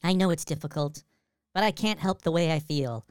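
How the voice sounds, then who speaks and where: A man's voice: a little high, normal speed, darkish tone, clear, resonant tone, no room sound, studio quality. A man voicing a lonely, lovesick female ghost in a comedic script reading, his voice shifted to sound female in editing. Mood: longing.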